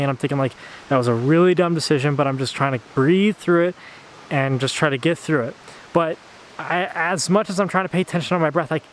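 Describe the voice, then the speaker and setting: A young man telling a story in a casual, animated way, acting out the quotes and laughing often. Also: on the high side, a little hiss or hum. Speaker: vlogger.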